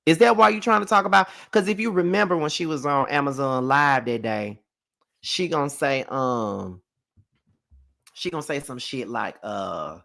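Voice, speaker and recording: A man hosting a casual live recap of a reality show, animated and profane, talking back at the people on screen. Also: medium pitch, normal speed, vocal fry.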